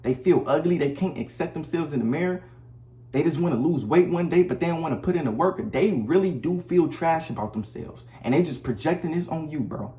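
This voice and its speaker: Man with a slightly high voice, blunt and repetitive, preaching to the camera in a roomy space. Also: lively intonation, a little fast, mellow. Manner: blunt, preachy, slangy, repeats himself. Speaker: vlogger. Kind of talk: casual advice monologue to camera. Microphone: camera mic.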